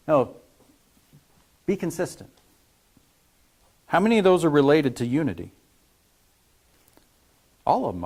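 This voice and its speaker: A man preaching a conversational sermon, asking his congregation questions as he teaches. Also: a little high. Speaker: pastor.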